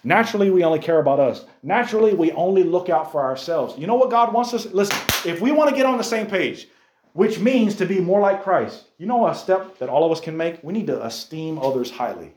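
Animated preaching man, echoey room. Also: high-pitched, fairly quick, slight background noise. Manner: animated preaching, rhetorical questions to a youth group. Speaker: youth pastor. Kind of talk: sermon.

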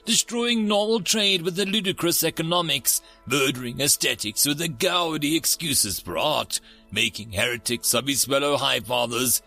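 A man narrates a fiction story with a lively, expressive delivery, his pitch rising and falling freely. His voice has a bright, forward edge. Quiet music plays faintly beneath the reading. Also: gravelly.

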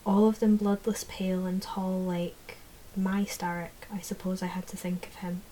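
A woman narrating a fantasy audiobook in the first person, in a measured, low-key way. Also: level tone, dark tone, slight background noise, low-quality recording.

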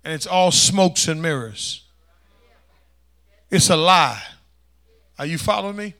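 A man preaching a sermon as pastor, calling for responses from the congregation and swinging between loud emphasis and hushed asides. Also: on the high side, animated, slow pace.

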